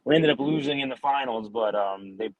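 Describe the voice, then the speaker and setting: A man's voice: mid-range voice, a little fast, phone-quality sound, slight background noise. A man in his twenties from New York, a podcast guest telling hockey stories in a rambling, laid-back way with lots of fillers. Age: 20s. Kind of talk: casual interview chat.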